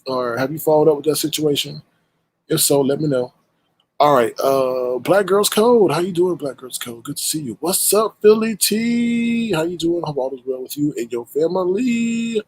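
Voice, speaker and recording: A fairly high-pitched man runs his own livestream, welcoming each viewer with drawn-out, playful greetings and lively shout-outs. The recording is dry and of low quality.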